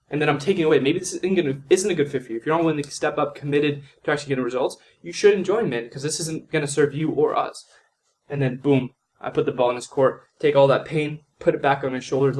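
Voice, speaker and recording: A man coaching on sales in a loose, conversational way, acting out both sides of a sales call as he explains. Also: a little high. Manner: loose and conversational, lots of "man" and "like", role-plays sales calls. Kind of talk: casual teaching monologue.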